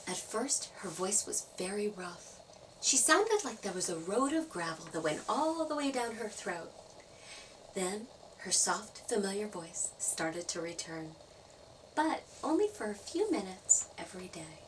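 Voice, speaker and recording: Lively children's storyteller, woman, slightly distant mic. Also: medium pitch, a little slow, a little hiss or hum. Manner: expressive, playful sound effects.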